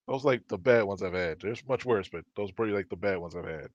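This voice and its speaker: A man casually telling work stories on a podcast, acting out the people he quotes with lively voices. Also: fairly low pitch, fast, few pauses, no echo. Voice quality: animated, acts out quoted dialogue. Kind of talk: casual storytelling chat. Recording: dry, dull lo-fi sound.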